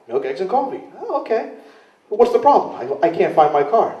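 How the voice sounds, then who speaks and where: A man's voice: fairly high pitch, big pitch swings, normal speed, long pauses, mellow. Rambling man, distant and roomy. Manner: rambling, self-mocking, mimics voices in quotes. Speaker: interview guest, wrestler. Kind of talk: casual interview storytelling. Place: club venue in London. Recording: roomy, distant, dull sound.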